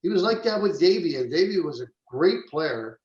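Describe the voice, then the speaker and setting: Podcast co-host guy talking fast, kinda high voice, echoey muffled sound. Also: sing-song. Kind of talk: casual chat. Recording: dull, roomy lo-fi sound.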